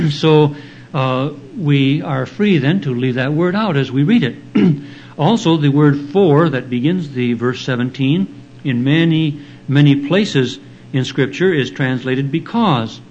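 A man preaching an expository sermon, explaining Bible verses in a slow, deliberate teaching manner. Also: fairly high pitch, darkish tone, muffled recording, slight background noise. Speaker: pastor.

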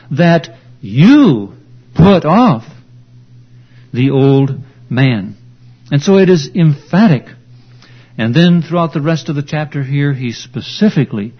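A man preaching an expository sermon, slow, deliberate and emphatic as he teaches. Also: mid-range voice, husky. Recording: dull lo-fi recording.

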